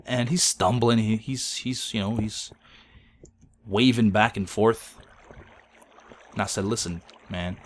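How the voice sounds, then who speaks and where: Man, low voice, deadpan tall-tale storytelling, gaming host, faint background hiss. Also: takes it slowly, long pauses. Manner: deadpan, mock-solemn; breaks into laughter. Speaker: Let's Play host.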